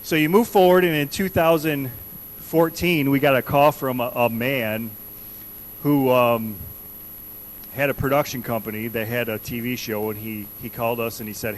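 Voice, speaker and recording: A man preaches a conversational sermon in a church sanctuary, earnestly asking the congregation the same questions repeatedly. His mid-range voice holds a steady tone at a moderate pace, and the recording is low in quality.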